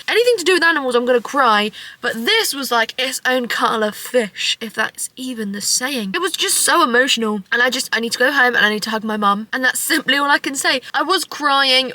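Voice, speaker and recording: A woman's voice: a little high, pushed and bright, no echo. A young woman chatting casually in a vlog, blunt, sarcastic and full of swearing. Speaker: vlogger.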